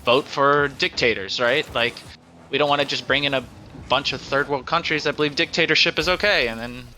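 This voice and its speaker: A man's voice: medium pitch, fairly even intonation, brisk, sharp tone, slight background noise. A man in casual chat as a podcast co-host, talking in a blunt, assertive way.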